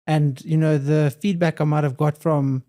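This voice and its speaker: A man's voice: a little high, flat delivery, moderate pace, mellow. A young adult man, a podcast guest, talking in an earnest, reflective way and often repeating phrases. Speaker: podcast guest, hybrid athlete. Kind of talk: casual conversation.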